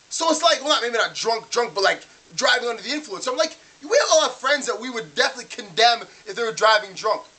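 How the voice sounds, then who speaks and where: Vlogger going off on a rant, bright sharp voice, super exasperated. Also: mid-range voice. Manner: exasperated, incredulous ranting; acts out own past remarks in quotes. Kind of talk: casual ranting vlog monologue.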